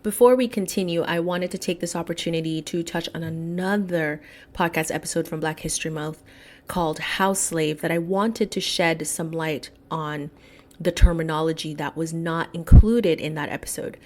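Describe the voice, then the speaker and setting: A woman hosting a solo podcast, speaking in an emphatic commentary style and slowing down to stress key words. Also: low voice, fairly even intonation, a little mellow. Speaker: podcast host.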